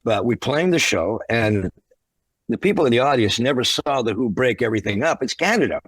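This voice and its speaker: Brief: male guest musician telling a tour story, animated and expressive, dry close sound. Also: medium pitch, brisk, slightly rough, no echo. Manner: animated, acts out the voices in his stories. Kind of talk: anecdotal storytelling.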